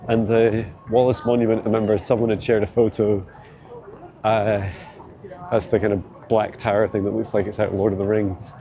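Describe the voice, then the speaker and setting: A man's voice: fairly low pitch, flat delivery, normal speed, mellow, muffled recording. Rambling man on a city walk. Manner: rambling, chatty, laughs often. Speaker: vlog host. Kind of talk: walking tour vlog. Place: outdoors on city streets. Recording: outdoor street noise.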